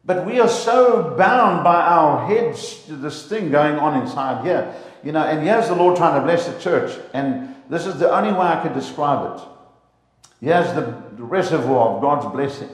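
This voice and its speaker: A man preaching a lively sermon in a church, playful and animated, often acting out the voices of God and his congregation. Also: on the high side, normal speed. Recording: echoey hall, long reverb.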